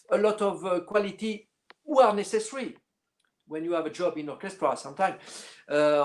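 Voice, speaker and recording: A middle-aged man, a clarinetist guest speaking in a casual interview and often pausing to search for words. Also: a little high, darkish tone. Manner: halting, searching for words with many fillers.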